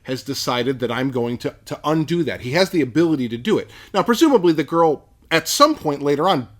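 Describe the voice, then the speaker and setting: A man co-hosting a podcast, explaining background in a measured way during a casual Bible discussion. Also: on the high side, animated. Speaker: podcast co-host.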